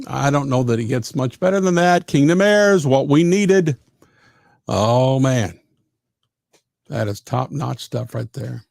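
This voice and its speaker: Man hosting live radio, gravelly and chatty, quick with thanks and amens, dry close mic. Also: fairly high pitch, darkish tone, no echo. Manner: chatty and effusive, with frequent thanks and "amen". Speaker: radio host. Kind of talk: live radio chat reading out listener comments.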